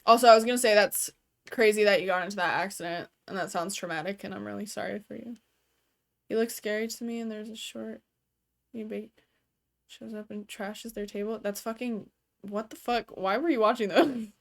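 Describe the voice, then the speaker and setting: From her bedroom, a young female gaming streamer keeps up casual, profane talk stuffed with "like." Her mid-range voice has vocal fry, a steady tone, and a moderate pace.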